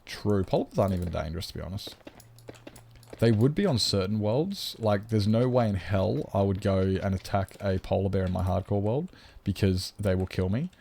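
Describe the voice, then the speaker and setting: A man's voice: lowish voice, expressive, moderate pace, gravelly, mellow. A man with an Australian accent chatting casually on a game live stream, rambling and joking and swearing freely.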